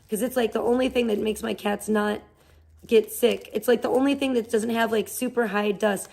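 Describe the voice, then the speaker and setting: A woman's voice: a little high, a little fast, vocal fry, a little mellow. A woman live streamer chatting casually, rambling and swearing as she rants in exasperation. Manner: rambling, profane, exasperated ranting. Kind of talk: casual chat.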